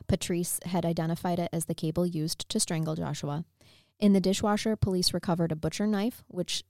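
A woman co-hosting a podcast, reading through the details of a true crime case in a steady, matter-of-fact way. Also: on the low side, no echo, clean studio sound.

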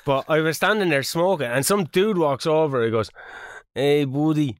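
A man's voice: on the high side, lively intonation, brisk, clear, resonant tone, dry recording, studio quality. A young Irish man co-hosting a podcast, in casual chat full of teasing, sweary banter. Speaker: podcast co-host.

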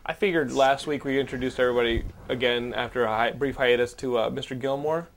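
A man's voice: mid-range voice, fairly even intonation, fast talker, slight background noise. Joking, crude man hosting. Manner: loose, joking, crude humor. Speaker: podcast host. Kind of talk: casual chat.

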